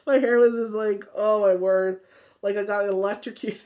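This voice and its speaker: A woman's voice: mid-range voice, steady tone, fairly quick, a little mellow. A woman gives a casual daily tarot reading in a loose, rambling way, dropping "you know" and "like" into nearly every sentence. She laughs easily as she talks. Her voice sounds tired, as though she is worn out from coughing. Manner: laughs often while telling stories. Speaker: tarot card reader.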